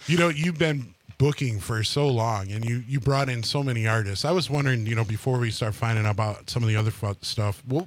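A man hosting a radio show, reading a smooth, scripted guest introduction in a studio. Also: medium pitch, brisk, hardly any pauses. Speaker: radio host.

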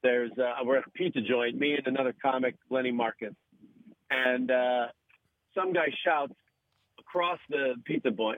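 A comedian and podcast host guesting on a radio show laughs often while telling a story in casual conversation, animatedly performing different voices. His medium-pitched voice moves a little fast, and the recording is dry with poor audio.

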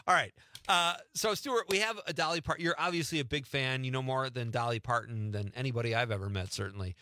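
A man's voice: medium pitch, quick pace, noisy background. A man hosting a radio talk show, joking and laughing while he reads out a multiple-choice quiz. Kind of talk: casual radio chat and quiz.

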